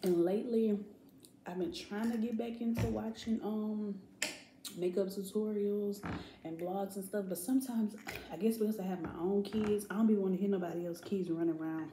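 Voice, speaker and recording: A woman's voice: mid-range voice, normal speed, echoey room, background noise. A woman, chatting casually to her viewers while eating. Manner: chatty, relaxed, laughs often. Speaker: family vlogger. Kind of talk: casual mukbang chat.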